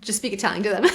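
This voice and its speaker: Chatty mom telling rambling stories. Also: female voice, fairly high pitch. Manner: rambling storyteller, acts out dialogue, frequent "like". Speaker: podcast co-host. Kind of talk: casual chat. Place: lives in German-speaking Switzerland.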